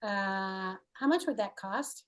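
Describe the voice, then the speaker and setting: A woman's voice: medium pitch, slow pace. A woman leading a healing coaching call, playful and encouraging, asking leading questions.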